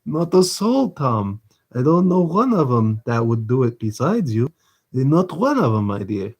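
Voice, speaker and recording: A man's voice: medium pitch, sing-song, measured pace, darkish tone. A man reading aloud voices a scheming old male fence with a wheedling, coaxing manner. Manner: wheedling, calls everyone my dear.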